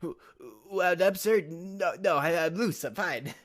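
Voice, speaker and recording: A woman's voice: on the low side, a little slow, voice pushed up, natural voice. A woman voicing a nervous young male defense lawyer who stammers and stumbles over his words. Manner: stammering, jittery.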